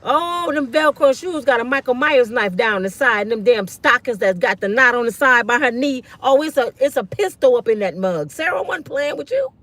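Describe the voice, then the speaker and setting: A woman with a high, swooping voice tells stories in an animated rant, switching between sermon-style preaching and sassy asides. Her delivery is emphatic and full of energy. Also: normal speed, hardly any pauses, no room sound. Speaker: host.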